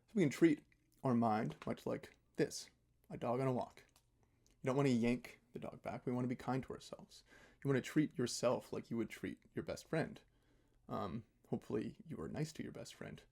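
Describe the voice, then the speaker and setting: A male music teacher giving a relaxed, conversational spoken lesson, often checking in with "right?". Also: mid-range voice, normal speed, gravelly. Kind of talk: casual spoken lesson on mindful practice.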